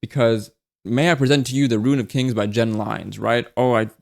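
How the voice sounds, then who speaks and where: A man's voice: medium pitch, steady tone, moderate pace, gravelly. A man talking casually and enthusiastically about books, swearing freely and dropping lots of "like" and "right?" as he goes. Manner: frequent fillers and tag questions. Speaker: book reviewer. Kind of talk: casual chat.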